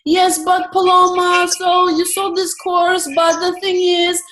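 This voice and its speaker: A woman putting on a Romanian accent to play her skeptical, unimpressed older father, speaking slowly and emphatically. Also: very high-pitched, monotone, fairly bright tone, echoey room, soft background music, voice pushed up, full character voice. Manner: doubtful, slow and emphatic.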